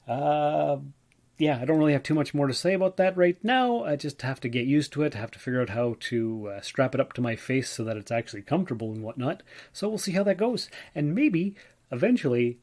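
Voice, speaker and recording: A man's voice: mid-range voice, a little mellow. Man, tired, yawning, rambling, chatty podcast host, from Ontario, Canada. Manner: rambling, chatty, full of fillers. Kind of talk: casual solo podcast monologue.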